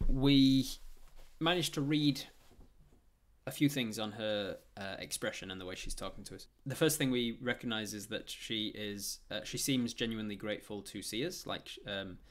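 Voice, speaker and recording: A man's voice: lowish voice, normal speed. A man narrating a tabletop game as game master, rambling with frequent fillers and restarts.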